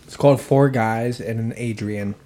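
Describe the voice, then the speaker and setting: Casual co-host, mid-pitched voice, lively storytelling with casual swearing. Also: male voice, normal speed. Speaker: podcast co-host. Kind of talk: casual podcast chat.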